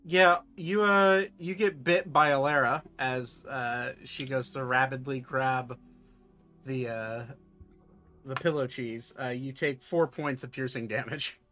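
A man acting as game master for a tabletop role-playing session, with a voice of ordinary pitch for a man. He narrates the story and rulings in a loose, halting way, full of filler sounds and self-corrections. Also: fairly even intonation, bright, forceful tone, faint music behind.

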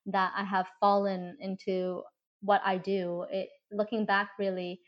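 A woman who coaches voice and communication, answering interview questions in an earnest, measured way. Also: medium pitch, level tone, muffled recording.

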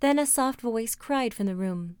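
A woman narrating a fairy tale in a measured, expressive storybook reading. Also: on the high side, smooth, no room sound.

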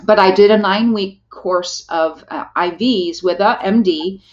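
A woman's voice: medium pitch, a little slow, lo-fi sound. A middle-aged woman telling a personal story as a podcast guest, earnest and heartfelt, often restarting her sentences.

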